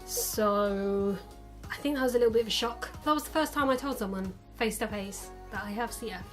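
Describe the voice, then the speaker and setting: A woman's voice: mid-range voice, fairly quick, fairly bright tone, soft background music. A young adult woman vlogging casually to camera in a chatty, upbeat way, acting out the lines of other people now and then.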